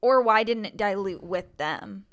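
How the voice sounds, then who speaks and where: Playful American woman with a lively voice. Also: mid-range voice, unhurried, lo-fi sound. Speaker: podcast co-host. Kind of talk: casual chat.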